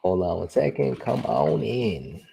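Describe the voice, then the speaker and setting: A man's voice: lowish voice, animated, measured pace, creaky, warm tone, husky. A young man hosting a casual livestream, chatting playfully with viewers in slangy, sing-song greetings. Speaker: livestream host, delivery driver.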